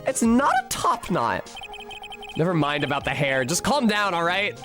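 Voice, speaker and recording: A streamer voicing an excitable teenage girl spirit medium while reading game dialogue aloud, in a high, bright and chirpy voice. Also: moderate pace, soft background music.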